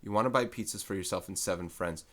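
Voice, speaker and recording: A man's voice: sits low, fast talker, fairly bright tone. A man teaching a recorded math lesson, thinking aloud in a loose, conversational way and correcting himself as he works through a problem.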